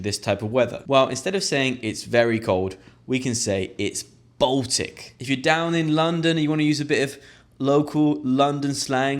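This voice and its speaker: A young man teaching English, acting out example phrases slowly with big pitch jumps. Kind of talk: scripted lesson.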